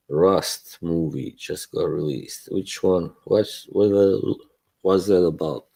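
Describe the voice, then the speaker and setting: A man hosting a relaxed live stream, rambling in casual chat, chuckling often and trailing off. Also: deep voice, takes it slowly, creaky, breathy edge.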